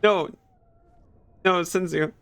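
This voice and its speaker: A man's voice: high voice, fairly even intonation, takes it slowly, fairly bright tone, clear, resonant tone. Giggly man streaming a game. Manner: chatty, giggly, apologetic asides to chat. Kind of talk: casual gameplay commentary.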